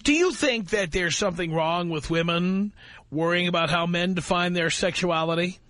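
A man's voice: high-pitched, normal speed, fairly bright tone, no echo. A man hosting a radio call-in show, blunt and brash as he takes callers. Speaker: radio talk show host.

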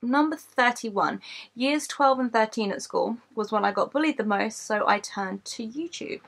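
An English woman in her late twenties talks straight to camera, running through a list of facts about herself. She is chatty and candid, laughs at her own stories and swears freely, and her voice sits at an ordinary middle pitch for a woman. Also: a bit bright. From England, Kent. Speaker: YouTuber.

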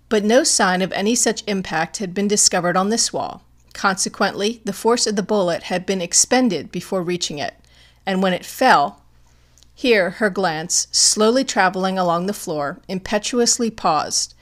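A woman narrating a classic detective story as an audiobook, in a measured, even reading. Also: mid-range voice.

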